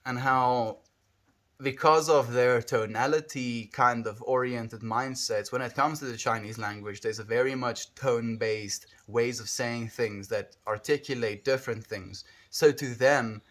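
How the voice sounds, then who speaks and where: A man's voice: medium pitch, steady tone, a little slow, fairly bright tone. Musing South African man streaming. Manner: musing, rambling, thinking aloud with hums. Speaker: livestreamer. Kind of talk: casual livestream chat.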